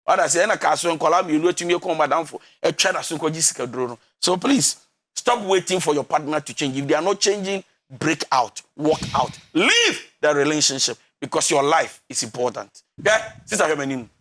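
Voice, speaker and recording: A man with a Ghanaian English accent who counsels listeners on a talk show. His voice sits high and sounds bright and forceful. He talks emphatically like a preacher, mixes in Twi and slides into half-sung lines. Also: expressive, a little fast. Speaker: relationship counselor.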